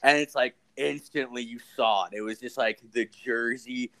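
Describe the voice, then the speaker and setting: Young guy host, swears nonstop, rambling animated anecdotes, mid-pitched. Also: moderate pace. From Ontario, Canada. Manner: profane, rambling, animated storyteller. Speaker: podcast host. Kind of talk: casual storytelling chat.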